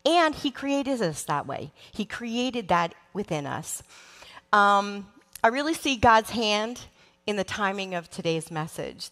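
A woman's voice: medium pitch, fairly bright tone. A middle-aged woman who leads a church's children's ministry, giving a sermon to the congregation in an earnest, emotional way, with frequent ums. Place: large church sanctuary. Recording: long church hall reverb.

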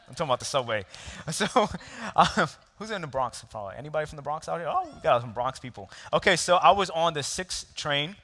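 Bright-voiced storytelling pastor in a hall. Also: male voice, medium pitch. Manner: storytelling with laughs and audience asides. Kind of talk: sermon. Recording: long hall reverb.

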